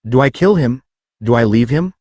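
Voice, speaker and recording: A man reads a fan-made story aloud in a casual first-person voice, sometimes reading out the punctuation itself. His pitch moves around a lot, and the sound is close and dry with no room. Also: animated, normal speed, darkish tone, no echo. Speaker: fan fiction reader.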